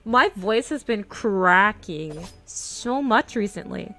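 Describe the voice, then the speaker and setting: A woman in her twenties giving casual, slangy commentary while streaming a game, chatty and quick to laugh. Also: medium pitch, animated, a bit bright, faint music behind. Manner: laid-back, chatty, slangy, laughs often.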